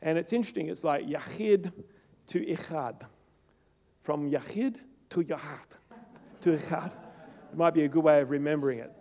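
A man preaching a sermon to a congregation, rising to loud, emphatic peaks and then dropping low and soft. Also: normal speed, pauses often. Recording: long reverb of a large hall.

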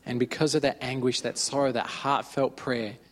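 A man's voice: mid-range voice, little pitch movement, moderate pace. A man giving an informal, conversational sermon. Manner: conversational, chatty retelling of stories. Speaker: preacher.

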